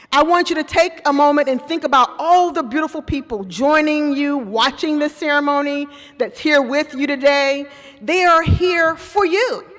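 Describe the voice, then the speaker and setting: A middle-aged woman speaks as a college president at a commencement, earnest and motivational, asking the graduates direct questions. Her voice sits high, and a long reverb trails each phrase through the hall. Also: fairly bright tone. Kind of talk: commencement speech.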